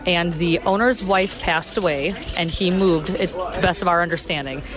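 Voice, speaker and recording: A woman's voice: lowish voice, normal speed, music in the background. A woman from Wisconsin telling a ghost story in an earnest, matter-of-fact way, recorded on a phone in a secondhand store.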